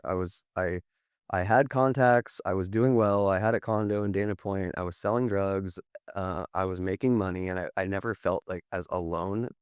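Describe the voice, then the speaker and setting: A man's voice: low voice, clean tone, no echo, studio quality. A man in his thirties, a podcast guest, telling his story in a candid, rambling way with many fillers and restarts. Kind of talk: candid interview talk.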